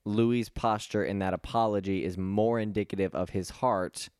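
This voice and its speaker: A man co-hosting a podcast, telling stories in an animated, self-deprecating way. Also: fairly low pitch, moderate pace, smooth, dry recording, studio quality. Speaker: podcast co-host. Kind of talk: casual conversation, storytelling.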